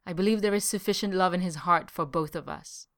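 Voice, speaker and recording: A woman reading the part of a frank, caring young woman in a storybook, soft and earnest. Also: fairly low pitch, a little fast. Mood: gentle.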